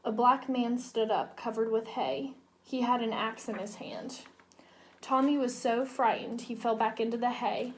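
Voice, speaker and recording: Young woman reading a kids' book aloud, gentle and clear, a bit high pitched. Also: a little slow, a little hiss or hum. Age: young adult. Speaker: student reader. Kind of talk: read-aloud storybook narration.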